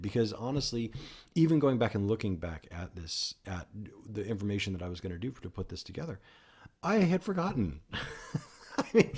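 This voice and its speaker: A man's voice: medium pitch, creaky, darkish tone. A man hosting a solo podcast, explaining ideas in a rambling way, often restarting and correcting himself mid-sentence. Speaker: podcast host.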